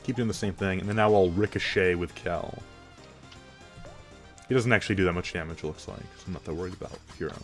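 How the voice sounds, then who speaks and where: A man giving quiet, low-key let's play commentary, thinking aloud as he plays. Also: fast talker, soft background music. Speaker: gamer.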